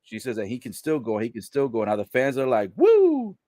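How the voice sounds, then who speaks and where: A man's voice: mid-range voice, fairly even intonation, fast talker, dry recording. Guy doing a casual wrestling recap, medium voice, dry close mic, lots of ooh and whoa. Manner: relays quotes, laughs, reacts loudly. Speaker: live wrestling watch-along commentator.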